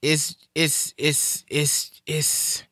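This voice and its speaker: Earnest middle-aged woman, bright dry voice. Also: sits low, completely flat delivery, extremely slow, dry recording. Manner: earnest, preachy, repeats phrases. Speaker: live stream host. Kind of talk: emotional casual chat.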